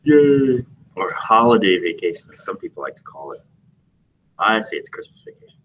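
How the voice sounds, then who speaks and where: A man's voice: lowish voice, big pitch swings, moderate pace, fairly bright tone, slight background noise. A man teaching a class at a computer, chatty and joking, often asking the students questions. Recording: dull lo-fi classroom recording.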